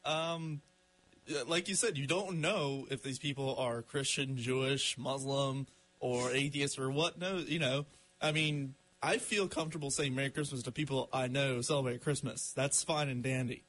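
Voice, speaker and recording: A man's voice: medium pitch, fairly even intonation, normal speed, fairly bright tone, rough recording. A man co-hosting a casual radio chat, giving his opinions with lots of "you know" and "I mean".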